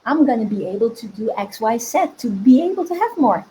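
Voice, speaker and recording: Casting note: woman money coach, high voice, lively, quizzes viewers on a live stream. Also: a little fast, a little hiss or hum, low-quality recording. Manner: energetic, asks the audience questions.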